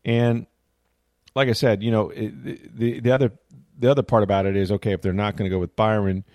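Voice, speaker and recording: A man's voice: on the low side, little pitch movement, brisk, a little mellow, no echo, clean studio sound. A middle-aged man hosting a sports talk show, telling a story in a casual, rambling way and interrupting himself often. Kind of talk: casual chat.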